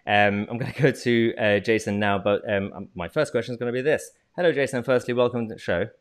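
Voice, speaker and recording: A man's voice: medium pitch, quick pace, clear, resonant tone. A British man hosting an interview, talking casually with lots of hesitant fillers. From Britain. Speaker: host.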